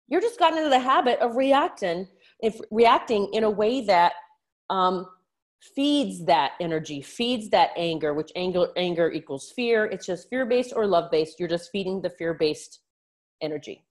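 A woman life coach talking on her own podcast, frank and encouraging, who swears casually and calls her listeners out as a tough-love coach. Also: normal speed. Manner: frank, swears casually, animated shifts in pitch. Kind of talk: solo podcast coaching talk.

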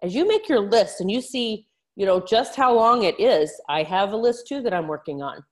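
A woman life coach talking on her own podcast, frank and encouraging, who swears casually and calls her listeners out as a tough-love coach. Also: normal speed. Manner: frank, swears casually, animated shifts in pitch. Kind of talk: solo podcast coaching talk.

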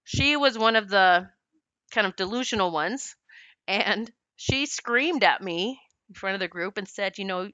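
A middle-aged woman tells her own story, candid and animated, laughing often and swearing now and then. Her voice is bright and smooth, with no room sound around it. She drops into other people's voices as she quotes them. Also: mid-range voice, a little slow, dry recording. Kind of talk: personal storytelling to camera.

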